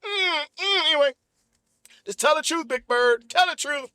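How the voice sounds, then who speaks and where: High, animated comic podcast host. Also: male voice, moderate pace, no echo. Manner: animated, rambling, keeps asking "you know what I mean?". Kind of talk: comic monologue.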